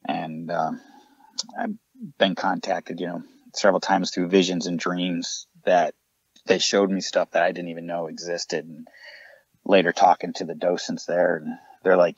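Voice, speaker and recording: A man's voice: deep voice, little pitch movement, moderate pace, vocal fry, dry recording, dull audio. A man, a paranormal investigator, earnestly recounting his ghost encounters as a podcast guest. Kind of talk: storytelling in a podcast interview.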